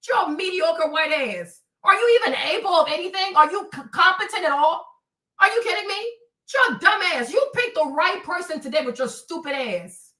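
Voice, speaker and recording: High, bright-voiced woman ranting profanely. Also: expressive, moderate pace, reverberant, distant mic. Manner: profane, confrontational, mocking. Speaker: livestream host. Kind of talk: heated livestream rant at commenters.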